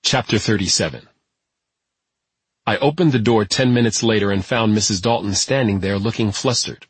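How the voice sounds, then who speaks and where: A man narrating a first-person audiobook in a dry, wry, even delivery. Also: lowish voice, normal speed, husky, no room sound.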